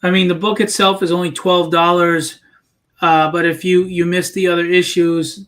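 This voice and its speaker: A man hosting a casual livestream interview, chatty and promotional as he asks questions and pitches the campaign. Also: little pitch movement, moderate pace, a bit bright, roomy sound, soft background music. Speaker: livestream host.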